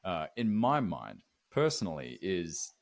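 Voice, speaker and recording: An Australian man with a low voice hosts a podcast interview. His manner is relaxed, and he often affirms what his guest says while asking questions. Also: unhurried, creaky. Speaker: podcast host. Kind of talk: interview conversation.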